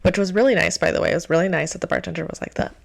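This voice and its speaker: A young woman hosting her show, telling a dating story in an animated, exasperated way with lots of filler words. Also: on the low side, rapid-fire, creaky. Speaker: host. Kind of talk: storytime monologue.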